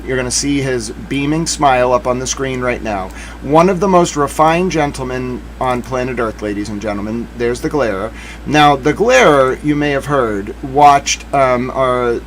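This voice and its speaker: A man's voice: medium pitch, a little hiss or hum, low-quality recording. A man from Massachusetts hosting a casual livestream, talking in a sarcastic, joking, rambling way. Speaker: livestream host.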